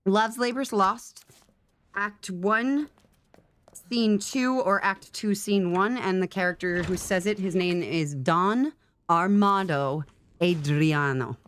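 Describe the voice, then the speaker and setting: A woman's voice: medium pitch, slow pace, a bit bright, clean tone. A young woman, a stage actress and streamer, chatting casually on stream in a giggly, self-deprecating way.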